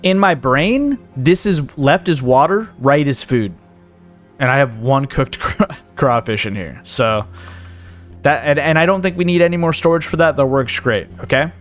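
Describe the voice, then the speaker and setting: In this let's play clip, the host speaks at normal speed in a fairly high voice over soft background music. He has the hiccups as he rambles and thinks aloud, sorting his inventory in casual commentary.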